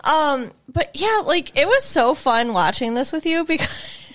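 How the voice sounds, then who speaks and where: High, lively woman teasing her co-host. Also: measured pace. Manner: teasing, scolding, laughs a lot. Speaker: podcast co-host. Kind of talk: casual chat.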